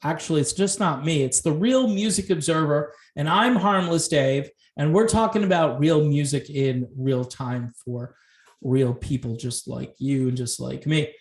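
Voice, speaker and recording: A man's voice: on the high side, unhurried, roomy sound. A man hosting his own music commentary channel, talking casually and animatedly, laughing often and throwing in rhetorical asides.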